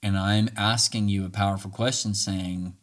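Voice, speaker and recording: A man's voice: lowish voice, steady tone, moderate pace. A man hosting a podcast, earnestly teaching communication tools and acting out sample dialogue. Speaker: podcast host. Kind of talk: casual teaching monologue.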